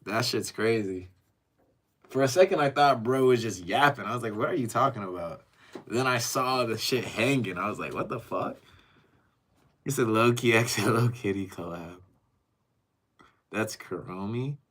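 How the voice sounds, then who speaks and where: A man's voice: fairly low pitch, normal speed, long pauses, fairly bright tone, husky. A young man streaming from a rented apartment, reading chat messages aloud and reacting casually, with frequent swearing.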